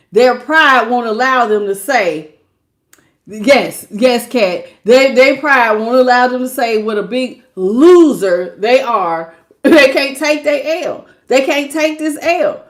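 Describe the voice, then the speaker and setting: Woman tarot reader, high voice, slangy and laughing, acts out quotes. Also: animated, slow pace. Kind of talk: live tarot reading stream.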